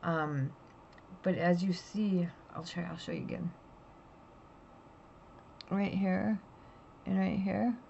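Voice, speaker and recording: A middle-aged woman with a lowish, creaky, dark-toned voice speaks slowly with long pauses as she tells a rambling story about her pets in a casual home vlog. As a pet vlogger, she's chatty and blunt, often restarting. The highs are cut off, and there's slight background noise.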